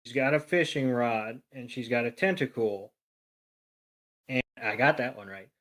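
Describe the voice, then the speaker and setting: A man on a podcast, recapping a cartoon in an animated way, swearing freely and acting out characters' lines. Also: medium pitch, a little slow. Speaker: podcast co-panelist. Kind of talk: casual episode recap.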